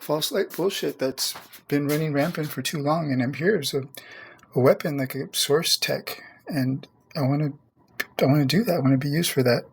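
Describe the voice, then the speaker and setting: A man's voice: fairly high pitch, vocal fry, a little hiss or hum. A man, a poet and musician, talking in an earnest, rambling way with hesitant restarts as he asks for advice. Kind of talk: casual spoken request.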